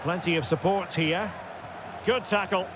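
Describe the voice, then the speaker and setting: A bright play-by-play football commentator. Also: male voice, sits high, measured pace. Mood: lively play-by-play. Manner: polished broadcaster, rising to loud excited calls on goals. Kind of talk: video game play-by-play commentary. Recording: game audio under loud background noise.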